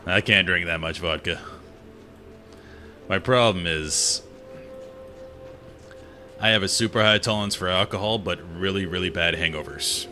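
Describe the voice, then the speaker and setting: A man's voice: deep voice, normal speed, long pauses, pushed and bright. A gaming streamer, a man, chatting casually and opinionatedly while he plays. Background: game music.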